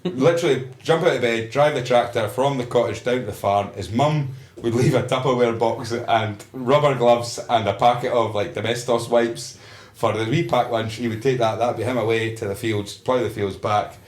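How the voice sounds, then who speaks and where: A man's voice: medium pitch, moderate pace. A Scottish man telling a story over casual pub chat, laughing as he goes. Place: busy pub. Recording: roomy pub with faint noise.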